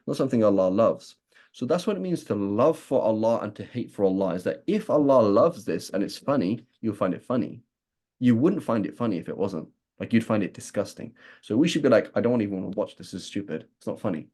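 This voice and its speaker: British male teacher, low mellow voice, chatty lesson style, keeps checking in with "right?". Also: animated, brisk. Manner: keeps asking "right?", acts out imagined speakers. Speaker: religious teacher. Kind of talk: conversational lesson.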